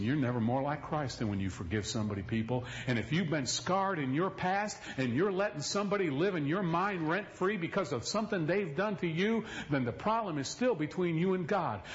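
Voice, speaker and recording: A man's voice: a little high, highs cut off, slight background noise. A male pastor preaching a sermon in a folksy, emphatic storytelling manner, recorded in a church.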